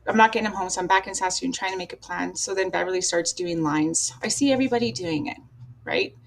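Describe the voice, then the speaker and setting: A woman's voice: lowish voice, fast talker, gravelly. Woman, podcast guest; candid, profane storyteller who acts out past dialogue and laughs at herself. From Canada. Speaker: podcast guest telling her life story.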